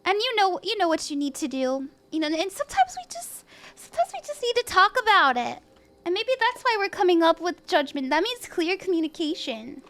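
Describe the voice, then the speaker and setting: A young woman reading tarot on a live stream, gentle and reassuring, laughing easily. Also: extremely high pitch, sing-song, brisk, slight background noise. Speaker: tarot reader.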